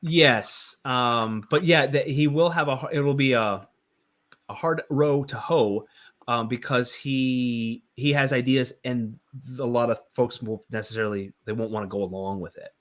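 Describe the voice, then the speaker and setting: A man co-hosting a casual panel chat about writing comics, talking in a halting, rambling way with many fillers. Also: mid-range voice, a bit bright. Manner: rambling, halting, laughs often. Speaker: co-host, comic writer.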